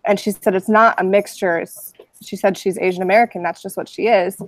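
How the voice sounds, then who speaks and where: A woman's voice: mid-range voice, steady tone, fairly quick, no room sound. Woman leading a class discussion, dry audio. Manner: summarizing readings and posing questions. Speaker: discussion leader in a class webinar.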